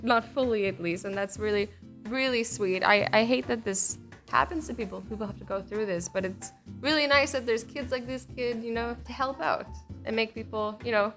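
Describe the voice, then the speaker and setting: A woman's voice: on the high side, a bit bright. A young woman hosting a casual reaction video, bubbly and giggly, saying "like" a lot. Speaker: YouTube reaction host.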